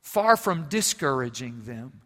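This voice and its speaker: Bright-voiced male pastor in a reverberant hall. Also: medium pitch, sing-song, measured pace. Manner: dynamic, swings from loud emphasis to quiet intimacy. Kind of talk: sermon. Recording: long reverb of a large hall.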